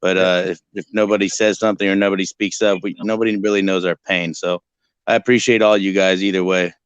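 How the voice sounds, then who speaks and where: A man's voice: deep voice, flat delivery, fast talker, clean tone, dry recording, highs cut off. A man hosting a live stream in casual chat, rambling and joking crudely.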